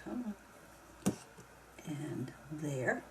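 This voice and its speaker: A woman's voice: low-pitched, big pitch swings, extremely slow, very noisy. A woman casually talking herself through a craft project step by step, now and then grumbling mildly at the work. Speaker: craft video maker. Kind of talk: casual narration while crafting.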